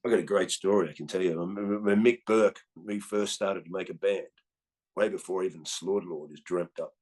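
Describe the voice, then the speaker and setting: Husky Australian man telling stories. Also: sits low, moderate pace. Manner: swears freely, tags lines with "right?"; animated storyteller. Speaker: guest comedian. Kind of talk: casual storytelling chat.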